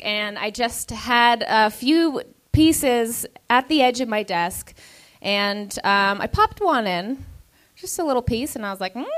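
Woman doing live comedy storytelling, slow and bright, keeps laughing. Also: fairly high pitch. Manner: animated, laughs through her lines.

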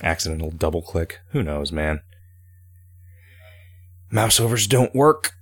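A man's voice: low-pitched, expressive, unhurried, slightly rough, no room sound. A man hosting a casual podcast, rambling as he reads listener questions aloud and talks through ideas. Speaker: podcast host and game developer.

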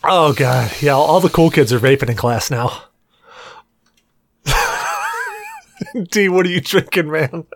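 A man's voice: on the high side, wildly swooping pitch, slow pace, pauses often, slight background noise. A man hosting a podcast, teasing his guests in crude joking banter. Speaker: podcast host.

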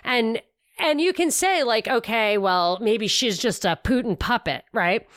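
Woman host, animated storyteller, a bit high, dry mic. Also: a little slow, dry recording. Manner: animated retelling, quoting others, frequent laughs. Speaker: podcast host. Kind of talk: casual commentary chat.

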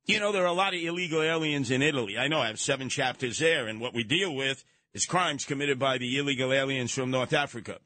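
A man hosting a radio talk show, trading opinions with callers in an animated, mocking way that slips into acted voices. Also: medium pitch, no room sound.

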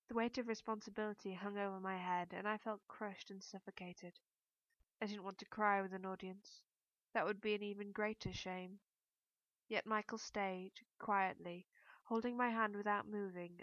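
A woman narrating a first-person novel in a measured, introspective way. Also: mid-range voice, a bit bright, dry recording, lo-fi sound. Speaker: audiobook narrator.

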